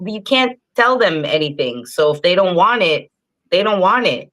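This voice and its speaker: A woman's voice: fairly low pitch, expressive, moderate pace, fairly bright tone, low-quality recording. A woman comedian in casual chat, speaking bluntly and matter-of-factly. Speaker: comedian guest.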